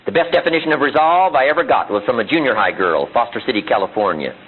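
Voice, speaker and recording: A man's voice: medium pitch, animated, fast talker, breathy edge. A middle-aged man giving a motivational seminar speech, full of rhetorical questions and acted-out quotes. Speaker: motivational speaker. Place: seminar room with audience. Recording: tinny phone-like archive audio.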